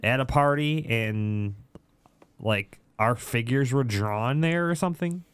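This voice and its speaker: A man's voice: medium pitch, slow, clean tone, dry recording. A man who plays a tabletop game and reasons things out thoughtfully in character. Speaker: player. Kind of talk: casual tabletop role-play.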